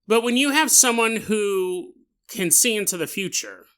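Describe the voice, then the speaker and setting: A man's voice: sits high, measured pace. A man hosting a podcast, telling a strange story in a casual, joking way and acting out scenes. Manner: animated, joking, acts out scenes. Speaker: podcast host.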